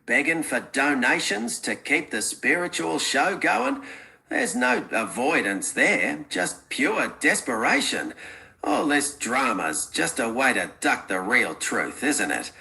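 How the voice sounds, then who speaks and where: A man's voice: mid-range voice, sing-song, slow pace, gravelly, pushed and bright. A synthetic male text-to-speech voice with an Australian accent, bantering on a livestream in a folksy, needling way full of slang. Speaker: AI chatbot co-host.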